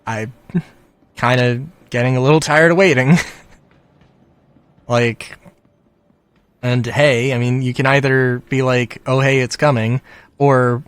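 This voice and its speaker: A man's voice: medium pitch, fairly even intonation, slow, long pauses, clean tone, no echo. A man ranting casually about a game, frustrated and rambling, with many fillers, sighs and short laughs. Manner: laughs between phrases. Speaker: gaming commentator. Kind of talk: casual rant to camera.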